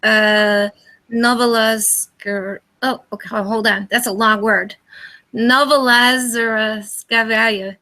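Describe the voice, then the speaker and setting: A woman's voice: medium pitch, flat delivery, measured pace, few pauses, pushed and bright. A woman co-hosting an online call-in chat, speaking plainly and reading numbers aloud. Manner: plain, reads coordinates aloud. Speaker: call co-host. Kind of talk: casual group call chat.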